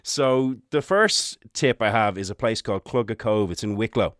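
A man's voice: fairly low pitch, normal speed, dry recording, clean studio sound. A man with a Dublin Irish accent, a travel journalist chatting as a guest in an enthusiastic, rambling way with frequent restarts. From Ireland, Dublin. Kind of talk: casual radio interview chat.

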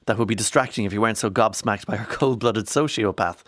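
A man's voice: fairly low pitch, fast talker, a bit bright, no room sound, studio quality. A man presenting a radio show, chatting casually with frequent fillers.

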